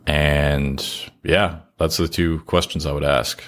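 A man with a very deep, low-pitched voice talks as a podcast guest. He explains his advice earnestly and deliberately, often pausing between his points. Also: steady tone, fairly bright tone. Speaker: podcast guest giving advice on content creation. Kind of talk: casual interview chat.

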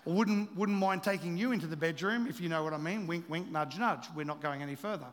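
A man's voice: a little high, a little fast, long reverb tail, voice pushed down, lightly acted. A man voicing a scheming, flirtatious noblewoman in a retold story during a sermon. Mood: suggestive. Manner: sly, suggestive.

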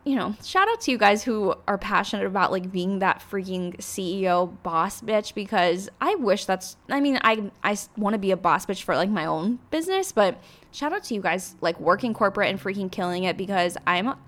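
Young woman, solo podcast host, casual monologue, rambling, emotional, lots of filler words, mid pitch. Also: lively intonation, moderate pace, a bit bright.

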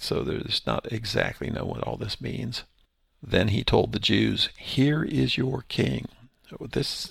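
A man's voice: fairly low pitch, fairly bright tone, dry recording, clean studio sound. A man teaching through a Bible passage verse by verse, explaining in a conversational way with restarts. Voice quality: gravelly, husky voice.

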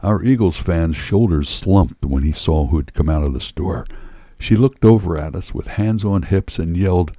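A man's voice: low voice, moderate pace, warm tone, no room sound. A man reading a story aloud in a wry, first-person storytelling manner. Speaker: narrator.

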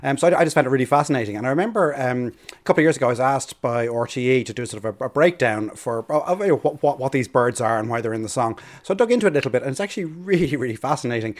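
A man's voice: mid-range voice, expressive. An Irish man, a bird expert and radio guest, explaining keenly in casual chat, often restarting and repeating words. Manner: fast, eager, with many restarts and repeated words.

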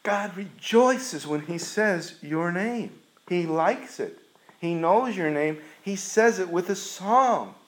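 Earnest, unhurried male preacher. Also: sits high, expressive, rough recording. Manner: earnest, emphatic storytelling. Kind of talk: sermon.

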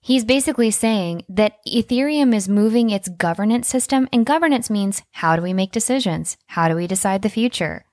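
A woman co-hosting a casual podcast, talking in an emphatic, opinionated way with a teasing edge. Her voice sits at an ordinary pitch and is recorded close and dry, with little room sound. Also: lively intonation, fairly quick, few pauses, darkish tone, no room sound. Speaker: podcast co-host.

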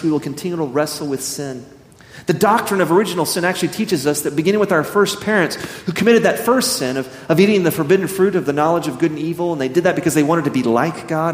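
Guy preaching, kinda high voice, tells a story then hits the bible stuff, roomy church echo. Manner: storytelling, animated quoting of himself. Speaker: pastor. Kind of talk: sermon. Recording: echoey hall.

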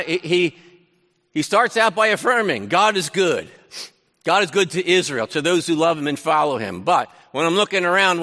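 A man preaching a sermon, paraphrasing scripture in a conversational, animated way with frequent restarts. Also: high-pitched, long reverb tail. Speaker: pastor.

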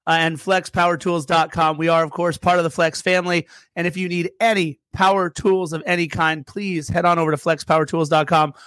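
A man's voice: on the high side, level tone, a little fast, few pauses, fairly bright tone, no room sound. A man co-hosting a casual soccer podcast, teasing his co-host and reading sponsor plugs. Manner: playful ribbing, reads sponsor plugs. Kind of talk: casual chat.

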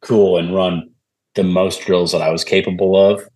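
This low-pitched man speaks at a moderate pace as a podcast guest, telling stories conversationally. He's animated and imitates the voices of those he quotes.

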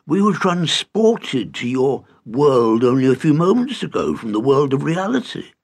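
A man's voice: mid-range voice, very animated, unhurried, voice pushed up. A man voicing a polite, formal, flustered inventor shrunk to a tiny fly in a storybook reading. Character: tiny, polite, fussy male inventor, part-mayfly.

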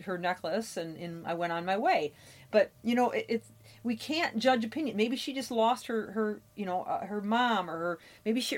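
A middle-aged woman hosting a motivational podcast, speaking earnestly and telling stories, with frequent fillers and restarts. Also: a little high. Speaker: podcast host.

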